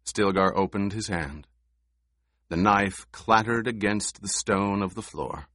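Slow, low-voiced male narrator. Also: a bit bright, dry recording, studio quality. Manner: slow, measured reading. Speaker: audiobook narrator. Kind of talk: scripted narration.

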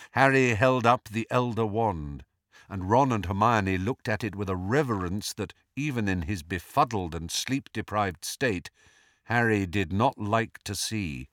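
A man reading a fantasy novel aloud as an audiobook narrator, with expressive, measured storytelling. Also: lowish voice, no room sound, studio quality. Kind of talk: scripted narration.

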